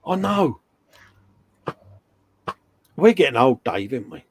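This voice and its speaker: A man's voice: mid-range voice, very animated, takes it slowly, breathy edge, no room sound. A middle-aged man hosting a casual live stream, chatting, reading viewer comments aloud and slipping in puns.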